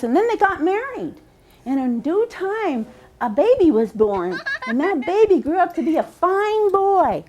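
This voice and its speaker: A woman storyteller telling a folk tale aloud, lively, slowing for emphasis and repeating phrases. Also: sits high.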